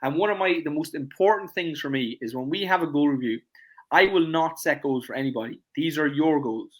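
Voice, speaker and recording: Coach guy, talks super fast, keeps saying "it's like", pushy and emphatic. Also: fairly bright tone. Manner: rapid, emphatic, repeats "it's like" constantly; acts out clients in high voices. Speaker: fitness coach and podcast host. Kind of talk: casual podcast chat.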